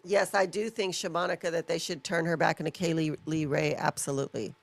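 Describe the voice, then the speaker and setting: A woman's voice: deep voice, fairly even intonation, a little fast, creaky, no echo. A woman co-hosting a live wrestling watch-along stream, chatting casually and teasing viewers.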